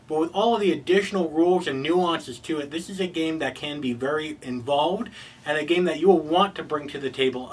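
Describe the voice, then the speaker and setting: A man's voice: fairly high pitch, a bit bright, husky, far from the mic, rough recording. A man hosting a scripted board game review, upbeat, asking rhetorical questions before giving his verdicts.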